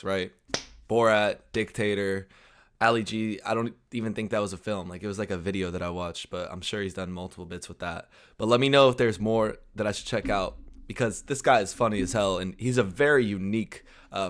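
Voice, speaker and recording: Brief: American male reactor, lowish voice, laid-back slangy chat. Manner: relaxed, says bro and like, trails off quietly. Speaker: YouTube reactor. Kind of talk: casual reaction commentary.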